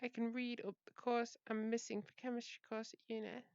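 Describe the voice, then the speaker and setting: A woman's voice: fairly high pitch, flat delivery, a little fast, a little mellow, smooth, no room sound, highs cut off. A young woman from Britain with an English accent, chatting casually with her livestream viewers and laughing often. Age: young adult. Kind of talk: casual chat reading viewer messages.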